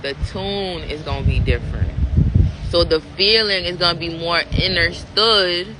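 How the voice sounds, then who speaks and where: A woman vlogger thinking out loud in a casual, reflective monologue, leaning on fillers and "right?" to check in with her listener. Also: on the low side, unhurried, very noisy. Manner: conversational, full of fillers and "right?" check-ins.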